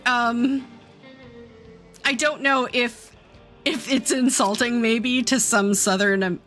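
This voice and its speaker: A woman's voice: a little high, steady tone, takes it slowly, fairly bright tone, soft background music. A woman streaming a video game, chatting casually and playfully with her viewers. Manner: playful, chatty, laughs often. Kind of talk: casual gameplay commentary.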